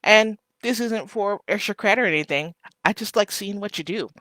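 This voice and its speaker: A small shop owner hosting a casual live stream, talking to viewers in a rambling, heartfelt way with lots of ums and shout-outs. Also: medium pitch, moderate pace, no room sound. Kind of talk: casual livestream chat to viewers.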